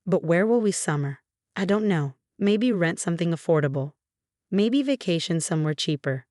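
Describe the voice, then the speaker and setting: A woman in her thirties reading a first-person family story aloud, voicing every part in the same steady, even way. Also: lowish voice, normal speed, dry recording, studio quality. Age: 30s. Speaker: narrator. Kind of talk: scripted story narration.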